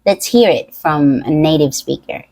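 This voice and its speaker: A woman tutor talks through a pronunciation lesson, taking her time. Her voice sits on the low side, and she spells out each sound with care. The recording is close and dry. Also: a little mellow, no room sound, low-quality recording. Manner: slow, careful, deliberate enunciation.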